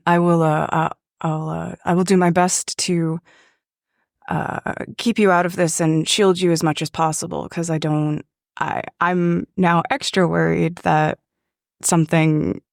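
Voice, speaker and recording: Nervous young adventuress, played by a woman, slow hesitant delivery with vocal fry. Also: on the low side, dry recording, studio quality. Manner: hesitant, stammering.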